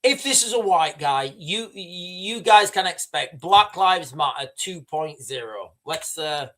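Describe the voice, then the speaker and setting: Guy livestreaming news reactions, highish voice, rambles and repeats himself a lot. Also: lively intonation, takes it slowly, fairly bright tone. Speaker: livestream host. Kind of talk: live news commentary.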